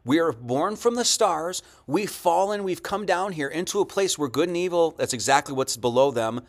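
A man's voice: a little high, expressive, moderate pace. A man giving casual lecture commentary over a video he plays, asking rhetorical questions and answering them himself. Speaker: host commenting on a played video.

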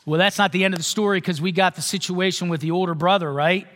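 A man's voice: high voice, fairly even intonation, quick pace, a bit bright, long reverb tail. A male pastor giving a sermon in a conversational way, often checking with the congregation. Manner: conversational, asks the congregation questions.

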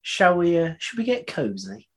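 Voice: medium pitch, huge pitch swings, moderate pace. A podcast co-host reacting in casual chat, laughing often and swearing.

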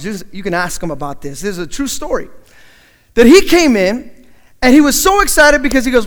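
High-voiced animated male preacher. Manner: animated storyteller acting out dialogue. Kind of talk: sermon with storytelling.

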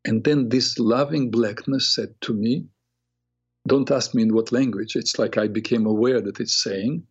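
Older man, radio host, earnest reflective storytelling, husky voice, dull lo-fi radio sound. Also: mid-range voice. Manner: earnest and reflective, with halting restarts. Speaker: radio show host and psychotherapist. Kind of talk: personal storytelling on a talk show.

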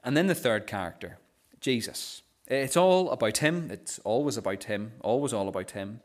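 Male pastor, earnest sermon, frequent stammered restarts, mid pitch. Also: lively intonation, normal speed. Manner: stammering restarts on first sounds; earnest, drops softer on key phrases.

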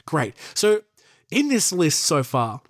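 A young man with a somewhat high voice hosts a podcast in casual commentary style. He reads from a list and keeps interrupting himself with swearing and sarcastic remarks, recorded close and dry. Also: huge pitch swings, slow, no room sound. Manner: profane, sarcastic asides. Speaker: podcast host.

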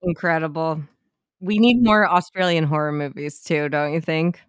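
Co-hosting a podcast, a young woman chats casually in a deep, clear, resonant voice with fairly even intonation at normal speed. She laughs often and swears freely; the recording is dry, clean studio sound.

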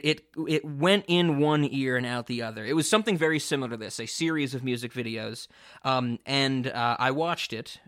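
On a casual podcast, a male co-host with a mid-range voice retells a story in an animated, rambling way. He curses frequently and keeps restarting his sentences.

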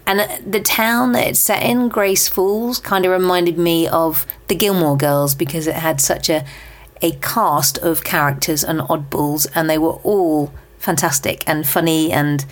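A woman hosts her podcast and chats informally through her favourite books. Her voice sits a little low, and she talks in a loose, friendly way, often pausing on "um" and restarting her sentences. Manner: chatty, with many ums and restarts. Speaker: podcast host. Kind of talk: casual book recommendations.

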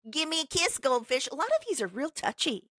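A woman's voice: high-pitched, bright, forceful tone, dry recording, clean studio sound. A woman co-hosting a podcast in casual chat, giggling often and playful as she reads things aloud. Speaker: podcast co-host.

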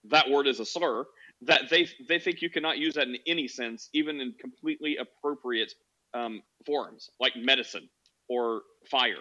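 A man's voice: medium pitch, normal speed, sharp tone, lo-fi sound. A man hosting a casual chat, rambling and joking. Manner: rambling, joking, laughs often.

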